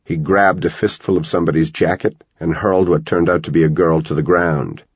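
A man with a very low, husky voice narrates a novel in a measured storytelling way. He is close-miked in a dry space, and the recording is slightly dull. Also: steady tone, dry recording. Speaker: audiobook narrator. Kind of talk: scripted narration.

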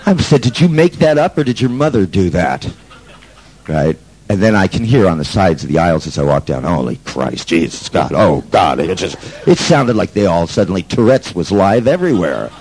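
A man's voice: deep voice, big pitch swings, a little fast, darkish tone, a little hiss or hum, rough recording. A man telling a story to an audience in a brash, sardonic way, swearing freely. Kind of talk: profane storytelling talk.

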